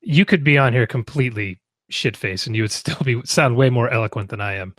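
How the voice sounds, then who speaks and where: Male host, fast and informal, dry close mic. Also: medium pitch, a bit bright, dry recording. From American South. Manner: blunt, informal, swears casually. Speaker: podcast host. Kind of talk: casual chat.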